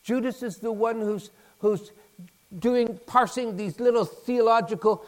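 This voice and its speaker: A man preaching a sermon in an animated way, acting out bits of dialogue and building to emphatic peaks. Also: high voice, a little slow. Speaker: pastor.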